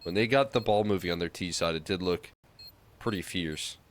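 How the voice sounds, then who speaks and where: Deep-voiced male esports co-caster. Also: moderate pace, a little hiss or hum. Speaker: esports commentator. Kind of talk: live color commentary.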